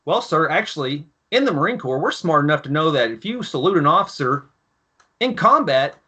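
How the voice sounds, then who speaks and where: A man in his thirties, a former Marine guest, telling profane, animated stories in casual podcast chat. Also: on the high side, brisk, breathy edge.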